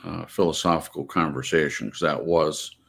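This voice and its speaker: A man sharing a personal memory in a casual, halting way, with many fillers and restarts. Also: very deep voice, fairly even intonation, gravelly, husky.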